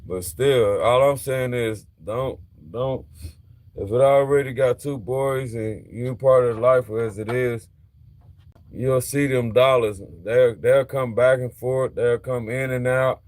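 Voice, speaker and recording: A man's voice: mid-range voice, steady tone, takes it slowly, darkish tone. A middle-aged man chatting loosely with viewers on a livestream while working on a truck. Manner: loose, chatty, talks straight to viewers in slang. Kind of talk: casual live chat while working on a truck.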